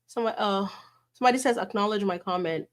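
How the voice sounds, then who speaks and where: A woman's voice: medium pitch, quick pace. A woman chatting casually with viewers on a livestream, blunt and talkative, swearing freely and mixing in Spanish endearments.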